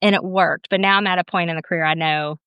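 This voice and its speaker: A woman's voice: on the low side, fast talker, clear, resonant tone, no room sound, dull audio. A woman esthetician and business owner telling stories in a casual interview, chatty and laughing often. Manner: chatty, laughs often, quotes others in lively asides; calls herself camera shy.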